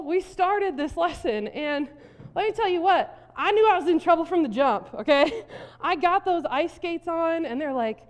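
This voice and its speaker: Woman pastor, high voice, lively storytelling sermon, long hall reverb. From South Dakota. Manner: animated storytelling with frequent laughs. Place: church hall.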